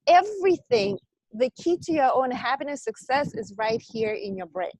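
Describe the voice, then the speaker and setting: A woman leading an online business training, energetic and coaching, guiding breathing and chanted affirmations. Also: high voice, normal speed, no echo.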